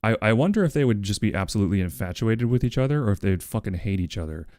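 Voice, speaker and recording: Low, lively, wry male streamer. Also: fast talker, dry recording, clean studio sound. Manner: rambling and wry, swears casually, talks to his pet. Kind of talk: casual livestream chat with a co-working audience.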